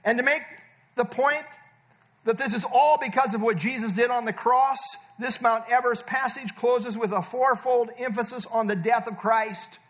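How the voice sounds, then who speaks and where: A man's voice: extremely high pitch, fairly even intonation, moderate pace, a bit bright. A man preaching a sermon, emphatic and teaching, stressing points by repeating words. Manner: teaching, explains verb tenses and verses. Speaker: pastor.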